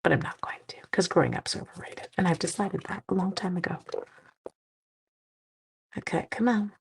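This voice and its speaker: A middle-aged woman from Canada chats playfully through a card-making livestream, her low voice gravelly and a little husky. She sounds tired but keeps talking to her viewers as she works. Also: moderate pace, whispered. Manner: playful, chatty, talks to viewers while working. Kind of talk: casual crafting livestream chat.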